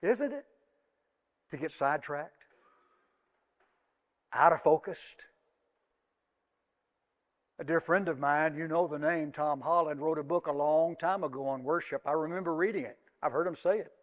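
A man preaching a sermon in a church, speaking slowly and emphatically and drawing out key words. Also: a little high. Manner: slow, emphatic delivery with drawn-out words. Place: church sanctuary. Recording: long hall reverb.

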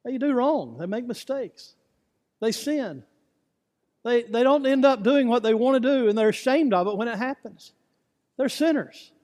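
A man's voice: very high-pitched, animated, normal speed, darkish tone. A man preaching a sermon as pastor, emphatic and repetitive, asking the congregation rhetorical questions. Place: church sanctuary. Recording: church hall with long reverb.

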